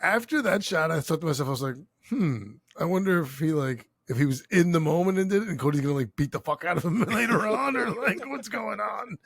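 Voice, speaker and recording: A man co-hosting a podcast, talking in an excitable, animated way with plenty of swearing. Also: high-pitched, a little fast, creaky, hardly any pauses, slightly rough, no room sound, clean studio sound. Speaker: podcast co-host. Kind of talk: casual chat.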